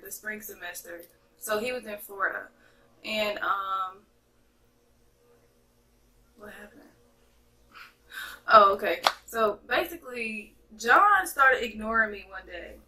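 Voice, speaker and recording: A young woman from North Carolina telling a chatty, animated storytime to her viewers. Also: medium pitch, distant mic, poor audio. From North Carolina, USA. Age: young adult. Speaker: vlogger. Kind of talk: casual storytime vlog.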